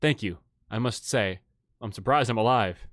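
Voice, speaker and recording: A man's voice: a little high, very animated, brisk, fairly bright tone, slightly rough, no room sound, clean studio sound, heavily acted. A man reading as a confused, shaken patient.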